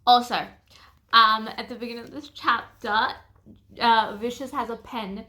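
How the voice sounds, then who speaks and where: A young woman talks through a novel in a loose, chatty recap. Her voice is bright and sits a little high for a woman. She gushes freely and sometimes breaks into loud, excited squeals. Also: a little slow. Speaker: book vlogger. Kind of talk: casual chat recapping a novel.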